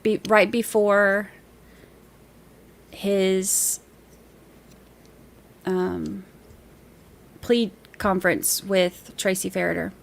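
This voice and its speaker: A woman's voice: medium pitch, fairly even intonation, extremely slow, vocal fry, long pauses. Chatty woman hosting a livestream. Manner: chatty, rambling, laughs easily. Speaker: livestream host reading viewer chat. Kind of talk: casual livestream chat.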